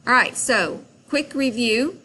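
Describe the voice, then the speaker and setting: A woman teaching a French grammar lesson, explaining slowly and patiently in a classroom-style recording. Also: fairly high pitch, animated, bright, forceful tone.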